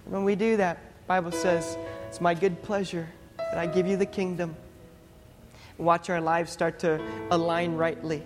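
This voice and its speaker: A young adult man, a pastor, preaching a sermon in a conversational, animated storytelling manner. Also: high-pitched, unhurried. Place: church sanctuary. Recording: long hall reverb, faint music.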